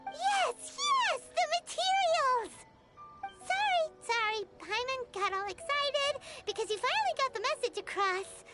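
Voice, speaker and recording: A woman voicing a tiny, bubbly fairy companion with a squeaky, childlike voice who talks about herself in the third person, in game voice acting. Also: sing-song, moderate pace, few pauses. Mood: excited. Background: game music.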